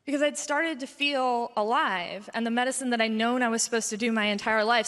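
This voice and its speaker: A woman's voice: a little high, a bit bright. A woman pediatrician in her thirties giving an earnest personal testimony at a mission conference, her voice rising as the story grows emotional. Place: large conference hall. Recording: long hall reverb.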